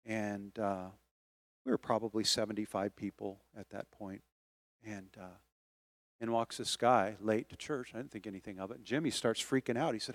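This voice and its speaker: Male pastor, sermon delivery, builds from soft storytelling to loud rallying calls, dry close mic. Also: on the low side, fairly even intonation, normal speed, no echo. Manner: preaching that swells from quiet storytelling to loud exhortation. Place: church sanctuary.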